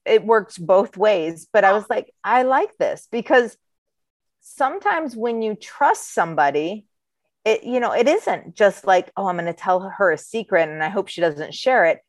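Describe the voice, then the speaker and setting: A woman's voice: mid-range voice, dry recording. Candid woman rambling on a podcast, dry sound. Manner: candid, rambling, self-deprecating. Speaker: podcast co-host. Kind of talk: casual chat.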